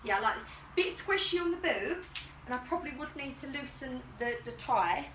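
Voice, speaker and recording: A YouTuber films a chatty swimwear try-on haul, giggling and poking fun at herself in a high, fairly bright voice with lively intonation at normal speed. The mic is far away in an echoey room, picking up slight background noise.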